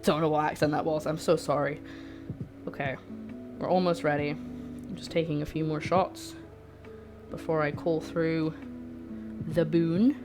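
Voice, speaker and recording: A woman's voice: deep voice, flat delivery, a little slow, pauses often. A woman hosting a cooking livestream from her home kitchen, chatting in a rambling, self-deprecating way. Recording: music playing underneath.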